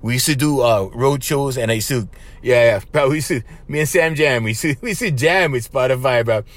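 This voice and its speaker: A man's voice: medium pitch, brisk, dry recording. A man with a Hawaiian Pidgin-influenced accent hosting a casual podcast monologue, laughing often and repeating himself. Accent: Hawaiian Pidgin-influenced English. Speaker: podcast host.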